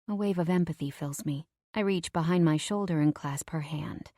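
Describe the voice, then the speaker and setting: A woman narrating a first-person romance audiobook in a studio, expressive and dropping to whispers for inner thoughts. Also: deep voice, moderate pace, no echo.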